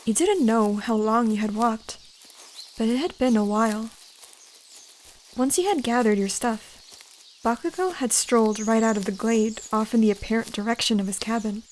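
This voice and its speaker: A woman gently reading a second-person fantasy story aloud in a whispered role-play. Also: fairly high pitch, moderate pace, slight background noise. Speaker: fanfiction reader.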